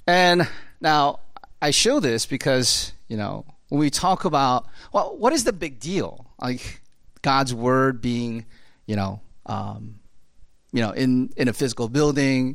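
A man's voice: mid-range voice, vocal fry, fairly bright tone, dry recording. Chatty preacher man with a dry sound. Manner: rambling and conversational, full of fillers, acts out dialogue. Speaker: pastor. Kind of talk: sermon.

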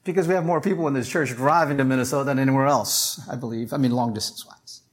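A pastor delivers a sermon with a husky, slightly breathy voice that sits at a middling pitch. The delivery is chatty rather than formal, peppered with "right?" and "you know?" to draw the listeners in. When a point matters, the voice climbs higher and pushes harder. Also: fast talker, hardly any pauses. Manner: conversational preaching with frequent "right?" and "you know?"; rises in pitch and force when stressing a point.

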